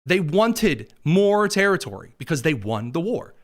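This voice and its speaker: A man's voice: on the high side, big pitch swings, measured pace. A man hosting a political commentary show, delivering a combative, sarcastic opinion monologue with mocking asides.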